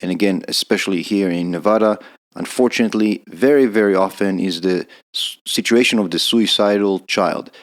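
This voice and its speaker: A man with a deep voice, an emergency physician hosting a podcast, asks his guest interview questions and affirms the answers, speaking at a normal speed.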